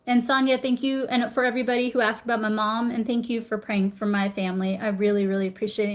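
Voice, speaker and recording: A middle-aged woman teaching acupressure on a live stream, chatty and warm, stopping to greet viewers. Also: on the high side, flat delivery, fast, few pauses. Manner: warm, chatty, reads viewer comments aloud. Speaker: acupressure instructor. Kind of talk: live-streamed health lesson.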